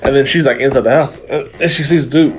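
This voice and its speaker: A man's voice: mid-range voice, fast talker. A man co-hosting a movie review, chatting casually and swearing a lot, with many "like" fillers as he retells the plot. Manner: rambling, profane, lots of filler "like". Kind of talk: casual chat.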